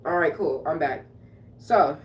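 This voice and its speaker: A woman's voice: low voice, measured pace, a little hiss or hum. Woman venting on a roomy livestream. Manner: raw, confrontational, repeats phrases. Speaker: poet and livestream host. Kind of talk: emotional livestream monologue. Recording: roomy echo, distant mic, music behind.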